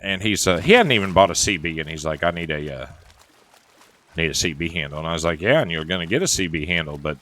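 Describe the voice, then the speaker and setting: Southern man, low voice, crisp bright tone, chatty wry game streamer. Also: lively intonation, quick pace. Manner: drawling storyteller, chatty and wry. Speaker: streamer and former truck driver. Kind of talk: casual gaming chat and storytelling.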